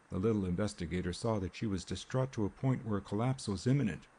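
Low husky male audiobook narrator. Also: quick pace, few pauses, warm tone. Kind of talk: scripted narration.

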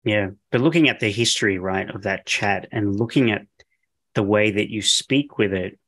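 Chatty guy hosting a podcast, lowish voice, gets excited. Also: normal speed. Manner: enthusiastic, chatty. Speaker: podcast co-host, interviewer. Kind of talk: casual podcast chat.

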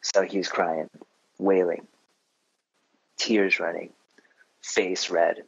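Male host, deep and husky, easygoing storyteller, close dry mic with a muffled, lo-fi tone. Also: slow pace, no room sound. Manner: relaxed storytelling with many fillers. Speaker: podcast host. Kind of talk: casual interview chat.

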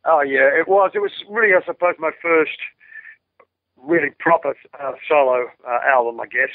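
A man's voice: on the high side, normal speed, no echo. Australian man rambling on a phone line. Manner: rambling and laid-back, many fillers and restarts, chuckles often. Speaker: interview guest, rock singer. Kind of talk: casual interview chat. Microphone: telephone. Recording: dry tinny phone line.

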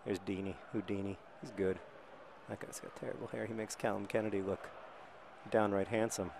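A man's voice: lowish voice, a little fast, vocal fry, background noise. Wry man commentating a video game. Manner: wry, rambling, bursts into excited shouting. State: recovering from illness, low energy. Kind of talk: casual gameplay commentary.

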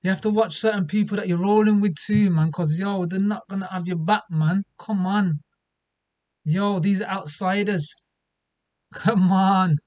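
Excitable high-voiced man. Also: dry recording. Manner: excitable, slangy, quick bursts of exclamation. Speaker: reaction video host. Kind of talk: casual music reaction commentary.

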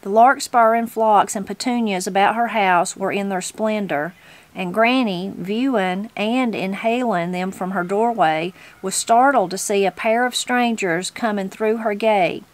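A woman's voice: medium pitch, unhurried. A woman, reading a novel aloud as host of her channel. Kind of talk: storybook reading.

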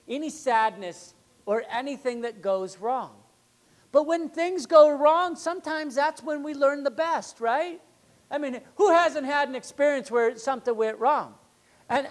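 A pastor delivering a sermon in an easy, conversational way, often turning to the congregation with rhetorical questions. His voice rises for emphasis and drops low for quieter, more pointed remarks.

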